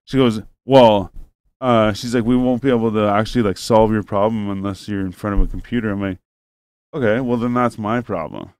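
A man's voice: fairly low pitch, fairly even intonation, fairly quick, a little mellow, smooth, no echo. A man telling a long, rambling story in casual chat, cursing freely and acting out both sides of a phone call.

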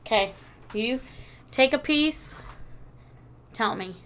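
A woman's voice: on the high side, animated, slow pace, fairly bright tone, a little hiss or hum. A woman in her thirties chatting casually as a podcast co-host, a rambling storyteller who swears a lot. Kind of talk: casual chat.

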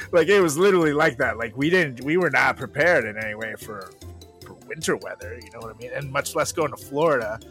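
Lively joking young man. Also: medium pitch, brisk, faint music behind. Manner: joking, laughs often, mimics voices. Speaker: podcast co-host. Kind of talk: casual podcast chat.

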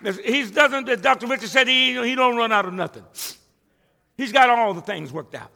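A man's voice: very high-pitched, expressive, normal speed, vocal fry, pushed and bright, long reverb tail. A male pastor preaching a sermon to his church, emphatic and conversational, often stumbling and restarting words. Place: church sanctuary with a congregation.

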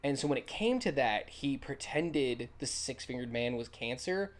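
A man's voice: medium pitch, lively intonation, normal speed. Male co-host, enthusiastic scene-by-scene movie recap, casual. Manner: enthusiastic, retells scenes with quoted lines. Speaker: podcast co-host.

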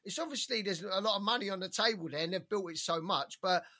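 A man co-hosting a boxing podcast, talking in an animated, rambling way and swearing often. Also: high voice, fast. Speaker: podcast co-host. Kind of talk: casual boxing chat.

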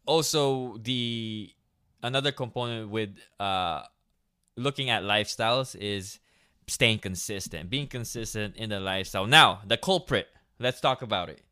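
A man's voice: lowish voice, measured pace, bright, forceful tone, clean tone. A man hosting a podcast interview, affirming his guest, laughing easily and restarting his sentences. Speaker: podcast host.

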